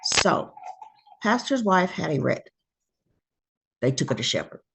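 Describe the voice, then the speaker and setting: A low-pitched, gravelly-voiced woman from Georgia, USA, talks a little slowly as she relates her own experiences in a casual interview. She animatedly plays out the voices of the characters in her story.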